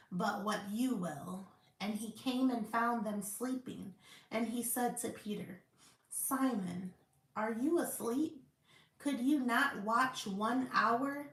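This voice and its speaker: Slow, careful woman reading scripture, roomy echo. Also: a little high, a bit bright. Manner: careful, deliberate reading with occasional stumbles and apologies. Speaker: Bible study host. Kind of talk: reading scripture aloud and quiz review.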